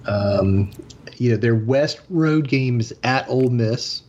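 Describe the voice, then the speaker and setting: A man co-hosting casual sports analysis, measured, with many fillers. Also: mid-range voice, a little mellow, a little hiss or hum. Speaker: podcast co-host. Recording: slightly dull lo-fi audio.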